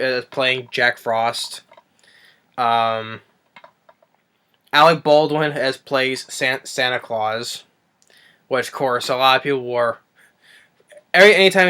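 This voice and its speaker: A man's voice: medium pitch, pushed and bright, clean tone. A man giving a casual spoken movie review, rambling with frequent restarts and self-corrections. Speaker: film reviewer.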